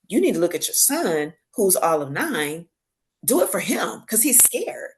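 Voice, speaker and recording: A woman's voice: fairly low pitch, measured pace. A woman guest on a podcast, telling stories in casual conversation and acting out the voices of the people in them. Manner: animated, acts out quoted voices; laughs while telling stories.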